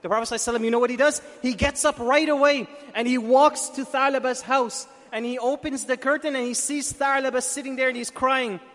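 A man with a high voice preaches through a story, animated and drawing his listeners in with questions. The sound rings with the long reverb of a large hall. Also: quick pace, hardly any pauses. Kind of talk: storytelling sermon.

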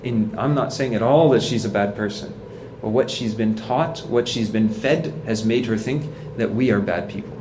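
A man's voice: medium pitch, noisy background. A man giving a sermon in a conversational, earnest way, telling stories with acted quotes and repeating points for emphasis. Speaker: preacher.

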